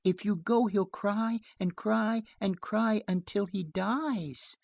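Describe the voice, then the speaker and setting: A reader voicing a calm young mother who gently coaxes her child in a soft, restrained voice. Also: mid-range voice, slow pace, vocal fry, dry recording, voice pushed up. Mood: gentle coaxing.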